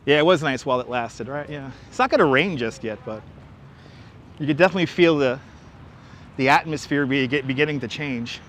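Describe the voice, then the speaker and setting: A man's voice: mid-range voice, brisk, a bit bright, a little hiss or hum. A man hosting a casual walking livestream outdoors on city streets, chatting enthusiastically and greeting viewers by name through a wireless clip-on mic. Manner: chatty, greets viewers and reads their comments aloud. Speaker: livestream host.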